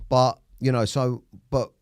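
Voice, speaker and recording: A man's voice: mid-range voice, flat delivery, a little mellow, clean tone, dry recording, studio quality. A man co-hosting a podcast, candidly recounting a hard time with many restarts and hesitations. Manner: halting, restarts often, confessional. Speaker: podcast co-host. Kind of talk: candid personal storytelling.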